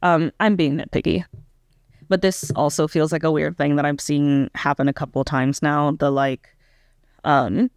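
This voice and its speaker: A woman's voice: low-pitched, fairly even intonation, normal speed, darkish tone, no echo, studio quality. A young woman giving a casual, candid reaction review of a pop album, hesitant and full of "um" and "like" as she thinks aloud. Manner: candid, self-questioning critique.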